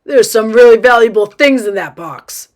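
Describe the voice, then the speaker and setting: A woman putting on a loud, flustered dad. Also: mid-range voice, big pitch swings, measured pace. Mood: alarmed. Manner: loud, warning. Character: flustered, stern suburban dad.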